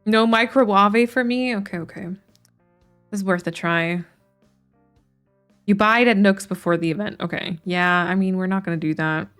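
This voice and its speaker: Woman streamer, mid pitch, casual think-aloud game chatter, faint background music. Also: normal speed, long pauses, a bit bright, clean tone. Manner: chatty, thinks aloud with frequent restarts and light laughs. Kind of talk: casual live-stream chat while playing a game.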